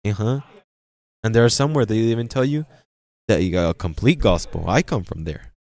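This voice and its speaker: A pastor giving a sermon in church, preaching with energy and sprinkling in frequent amens and repeated phrases. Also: male voice, on the low side, lively intonation, moderate pace, darkish tone, no room sound. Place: church sanctuary.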